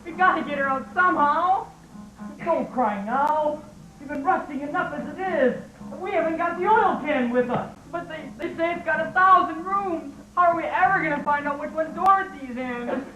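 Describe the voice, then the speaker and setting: A woman's voice: sits high, normal speed, bright, forceful tone. A woman playing an earnest, worried scarecrow in a stage play. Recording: echoey stage recording with music.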